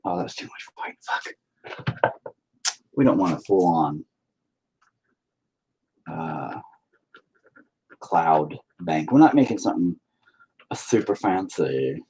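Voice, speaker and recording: A man's voice: low-pitched, sing-song, takes it slowly, long pauses, mellow, husky, rough recording. A man chatting casually and crudely while he paints, rambling and joking with lots of swearing. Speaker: painter streaming his work.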